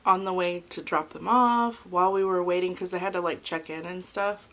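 A woman in her thirties chatting casually as a vlogger and mother, halting and soft with many fillers, fighting back tears. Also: fairly low pitch. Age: 30s. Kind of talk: casual confessional chat.

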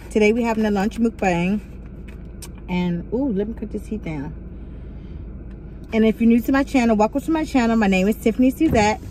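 A woman's voice: fairly high pitch, fairly quick, pauses often, mellow, a little hiss or hum, rough recording. A young adult woman hosting a casual mukbang vlog from inside a car, chatting directly to her viewers. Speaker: vlogger host.

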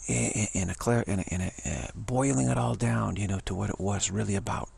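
A man's voice: on the low side, brisk, gravelly, a little mellow, breathy edge. A man giving a casual spiritual teaching talk, musing and earnest, repeating phrases for emphasis.

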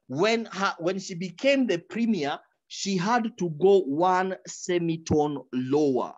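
Animated workshop speaker. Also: mid-range voice, measured pace, dull audio. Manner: animated, repeats words while searching for them, drops into quoted examples. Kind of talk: advice talk in a webinar.

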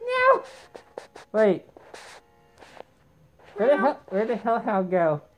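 A woman doing a comic sketch rant, exasperated and yelling "no" over and over. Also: mid-range voice, animated, slow. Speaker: comedy video maker.

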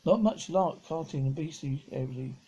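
Man reading as a proud, indignant schoolboy in a storybook, higher voice, husky edge. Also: normal speed, dark tone, rough recording. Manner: indignant and eager. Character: indignant, proud young boy.

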